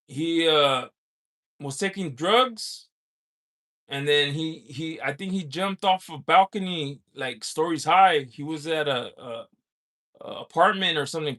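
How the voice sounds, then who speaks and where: High-voiced, slow-talking man. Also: fairly bright tone. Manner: halting, with many pauses and filler sounds. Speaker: livestream host. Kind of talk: casual chat, reading viewer comments.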